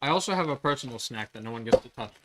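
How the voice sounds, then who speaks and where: A man's voice: mid-range voice, animated, very fast, very noisy. A man playing a tabletop game, cracking jokes and chatting casually with the table. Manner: jokey, offers snacks, chatty asides. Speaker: player.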